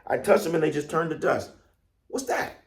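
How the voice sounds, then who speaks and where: Ogun, an excitable warrior god, as a man puts him on. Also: quick pace, close to an everyday voice. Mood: excited. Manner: eager, breathless, high-pitched. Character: excitable boastful male warrior deity. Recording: echoey room.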